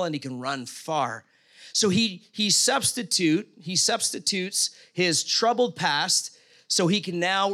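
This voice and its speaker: A man's voice: a little high, bright, forceful tone. A middle-aged man preaching a conversational sermon, telling a story and asking his listeners questions. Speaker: pastor.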